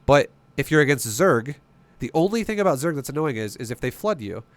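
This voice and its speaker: A man's voice: medium pitch, sing-song, a little fast, no echo. Profane guy coaching his strategy game on stream, blunt and emphatic, lots of rhetorical questions.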